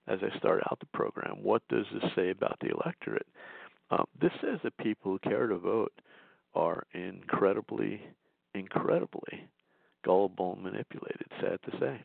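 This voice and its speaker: Man, lowish gravelly voice, indignant sarcastic talk radio host; dry, thin phone-like sound. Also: dry recording. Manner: indignant, sarcastic commentary with restarts. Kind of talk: political call-in talk.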